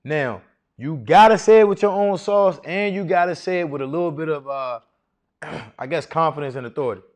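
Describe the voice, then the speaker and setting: Male speaker, middle-aged, slightly high voice, preacherly seminar coach who quizzes the room. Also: brisk. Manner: animated, preacherly, quizzing the crowd with questions. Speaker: masterclass speaker on federal contracting. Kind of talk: live seminar talk to an audience.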